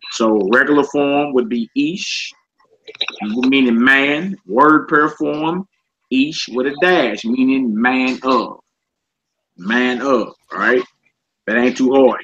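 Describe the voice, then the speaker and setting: A man teaching a class, reading from a book and explaining slowly, repeating each word and often asking "all right?". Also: medium pitch, pushed and bright. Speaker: Hebrew teacher. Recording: muffled lo-fi class recording with faint noise.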